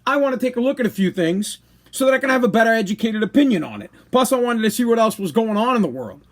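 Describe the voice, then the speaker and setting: A man talks straight to his live-stream audience in a fairly high voice. He rambles, restarts and repeats himself as he vents his frustration in a casual, unscripted way. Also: big pitch swings, fast talker. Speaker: podcast host.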